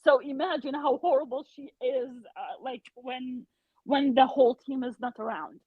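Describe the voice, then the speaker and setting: A woman's voice: high-pitched, normal speed, slightly rough, no echo. A woman guest telling a story in a casual podcast chat, animatedly acting out what people said. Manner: animated retelling, acts out quotes. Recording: tinny phone-like remote call.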